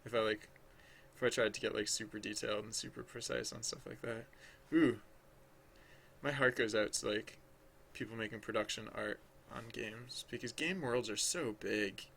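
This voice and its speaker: A man's voice: on the low side, normal speed, vocal fry, a bit bright, slight background noise. A man thinking aloud as he draws on a livestream, rambling and hesitant, full of restarts, chatting with viewers. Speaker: livestreaming digital artist.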